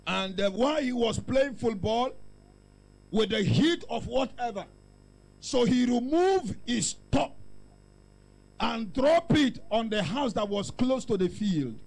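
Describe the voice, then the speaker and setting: A male pastor with a Nigerian accent preaching loudly, mixing in pidgin asides and calling out to the congregation. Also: extremely high pitch, expressive, takes it slowly, vocal fry, rough recording. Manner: shouting, call-and-response preaching with pidgin asides. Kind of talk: preaching sermon.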